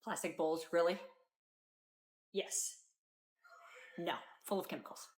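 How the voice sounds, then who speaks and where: A woman's voice: lowish voice, fairly even intonation, slow pace. A woman playing a preachy know-it-all mom who lectures another parent in a bossy tone. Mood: scolding.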